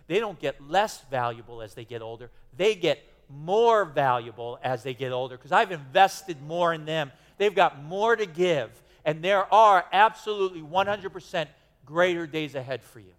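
A man's voice: on the high side, expressive, normal speed. A male pastor preaching a sermon in a church, in an emphatic, conversational way with many restarts. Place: church sanctuary. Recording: long hall reverb.

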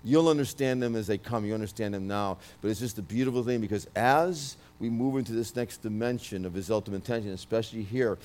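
Loud New York man giving a prophetic word. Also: on the low side, quick pace, few pauses. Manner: loud, emphatic, with many restarts. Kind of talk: prophetic ministry speech.

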